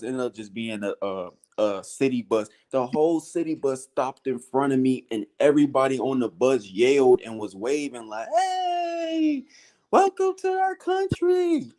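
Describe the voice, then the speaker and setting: Male guest, casual storyteller, slangy, animated, mid-pitched. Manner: animated storytelling with slang, often acting out high-pitched voices. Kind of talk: casual chat.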